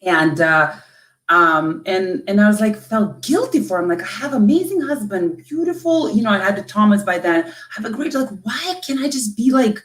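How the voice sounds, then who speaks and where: A woman's voice: medium pitch, animated. Woman telling her story in an echoey room. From Lithuania. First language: Lithuanian. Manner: emotional, halting, many restarts. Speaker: guest, coach. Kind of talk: personal storytelling in an interview.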